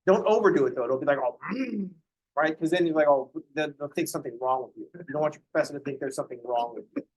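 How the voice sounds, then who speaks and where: Guy professor teaching class, kinda high voice, dry sound, jokes around a lot. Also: rapid-fire, no room sound. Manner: joking, conversational, acts out students' thinking noises. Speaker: math professor. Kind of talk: classroom lecture.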